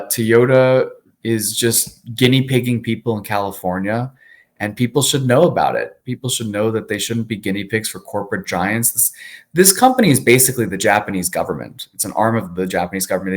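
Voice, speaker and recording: A man who is an attorney, speaking as an interview guest, candid and animated with frequent fillers. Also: lowish voice.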